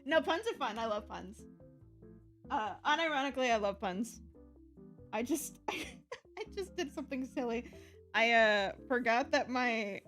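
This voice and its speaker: A woman's voice: on the high side, expressive, unhurried, pauses often, a bit bright, faint music behind. A woman streamer chatting casually on a live stream, laughing often and using lots of fillers.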